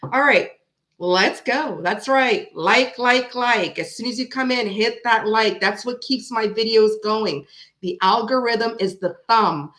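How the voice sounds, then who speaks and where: A woman's voice: fairly high pitch, a little slow, fairly bright tone, slight background noise. A woman hosting a tarot live stream, chatting casually and greeting viewers one by one by name.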